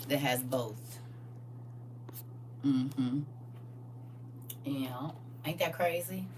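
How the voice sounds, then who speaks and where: An older woman hosting a casual live stream from home. She tells animated stories, laughs often and reads viewer comments aloud. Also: low voice, far from the mic, a little hiss or hum. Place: at home, indoors.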